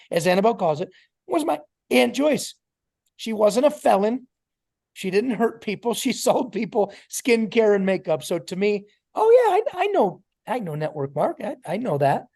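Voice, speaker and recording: Middle-aged new guy, motivational story talk to his team, acts out the voices, warm mellow tone. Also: sits high. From New York. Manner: animated storyteller acting out dialogue. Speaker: network marketing trainer.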